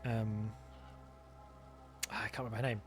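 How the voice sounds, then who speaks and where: A man's voice: fairly low pitch, flat delivery, a little slow, soft background music. A man hosting a let's play, thinking aloud in casual commentary and stumbling over repeated words.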